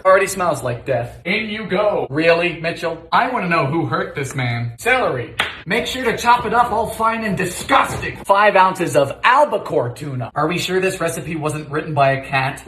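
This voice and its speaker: Sarcastic man shouting through an echoey kitchen. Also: fairly high pitch, moderate pace. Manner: sarcastic, deadpan one-liners with sudden shouted ingredient calls. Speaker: host of a cooking video. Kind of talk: comedic vintage-recipe cooking vlog. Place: home kitchen.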